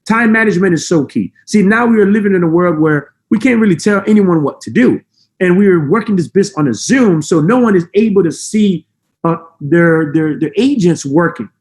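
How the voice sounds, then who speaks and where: A man with a non-native English accent giving a fast, intense motivational talk to a team of agents. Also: high voice, expressive, a little mellow. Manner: intense, emphatic, fast-talking. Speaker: motivational speaker. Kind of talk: high-energy motivational talk. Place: room with a camera.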